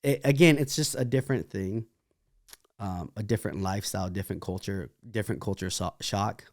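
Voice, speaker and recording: A young man from California talks through his past in a relaxed interview, animated and quick to laugh at himself. His voice sits a little low, recorded dry and close with no room sound. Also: no echo. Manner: animated storyteller with laughing asides and restarts. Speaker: interview guest, dancer. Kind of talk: casual interview storytelling.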